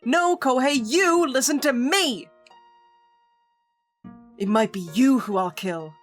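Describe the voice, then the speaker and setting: A woman voicing a frightened, fierce young woman in a spooky visual novel, pleading in a high, strained voice. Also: moderate pace, faint music behind, natural voice. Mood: desperate. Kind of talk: reading a visual novel aloud.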